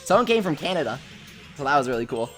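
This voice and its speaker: A woman's voice: deep voice, very animated, fast talker, faint music behind. A woman from the United States hosting a casual gaming livestream, chatty and reading viewer comments aloud. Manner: chatty, reads chat aloud, gushes over pets.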